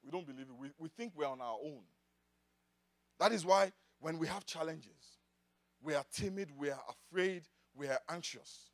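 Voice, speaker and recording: A man preaching a sermon in church, swinging from loud declarations to quiet asides. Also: on the high side, normal speed. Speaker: pastor.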